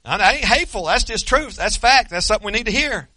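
Male pastor, high bright voice, emphatic repetitive preaching. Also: animated, fast talker, no room sound. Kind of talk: sermon.

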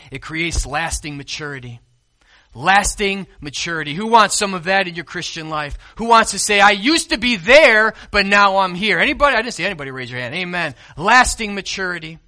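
A high, bright-toned man delivers a sermon as pastor. He drops to hushed, quiet passages, then climbs to loud, emphatic peaks. He keeps asking his listeners questions. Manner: preaching with big swings from quiet to loud; asks the congregation questions.

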